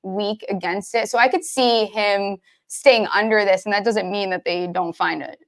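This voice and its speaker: A woman's voice: medium pitch, fairly even intonation, normal speed. Chatty woman discussing football picks. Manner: chatty, rambling, lots of fillers like "like". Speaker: sports betting podcast co-host. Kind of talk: casual chat.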